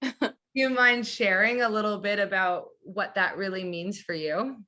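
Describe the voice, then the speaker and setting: A woman's voice: mid-range voice, steady tone, unhurried, pushed and bright. A woman hosting a podcast interview, chatty and effusive. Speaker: podcast host and coach. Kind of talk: casual interview.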